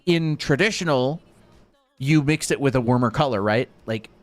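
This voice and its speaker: A man's voice: mid-range voice, moderate pace, no room sound, faint music behind. Chatty man teaching art on a live stream. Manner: relaxed and chatty, with many fillers and asides to chat. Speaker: art instructor.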